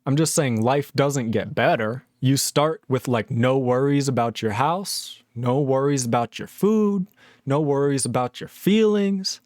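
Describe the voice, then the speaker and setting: A young man in his twenties ranting casually on a live-coding stream, reading chat aloud, animated and sweary. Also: mid-range voice, measured pace, dry recording, studio quality. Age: 20s.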